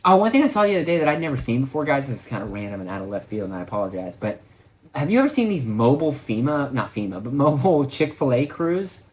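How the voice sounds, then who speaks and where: Rambling, profane podcast host. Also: male voice, medium pitch, sing-song, fast talker, darkish tone. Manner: profane, rambling, self-interrupting. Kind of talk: rambling casual monologue.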